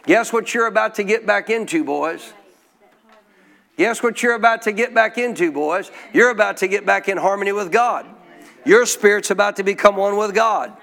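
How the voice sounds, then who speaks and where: A man's voice: high voice, normal speed, gravelly, a bit bright. A man preaching a sermon in a church, putting questions to the congregation and drawing answers back in call-and-response. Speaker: pastor.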